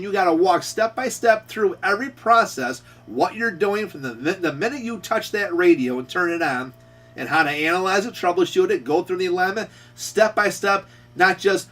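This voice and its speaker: A man's voice: sits high, lively intonation, normal speed, fairly bright tone, distant mic. A middle-aged man who runs a radio repair shop, scolding a rival in a confrontational rant and repeating his points. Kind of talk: ranting call-out video.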